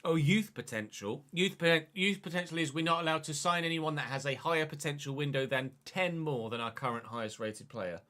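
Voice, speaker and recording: A man's voice: fairly high pitch, fairly quick, few pauses, sharp tone. A young man streaming a football management game, chatting casually, swearing and answering his chat. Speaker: gaming livestreamer. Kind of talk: casual live game commentary.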